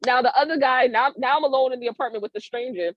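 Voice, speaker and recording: Higher-voiced woman telling a wild story. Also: quick pace, no room sound. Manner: acts out quoted voices with big swings in tone; casual, slangy speech. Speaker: podcast guest. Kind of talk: animated storytelling in casual chat. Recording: dry, dull lo-fi audio.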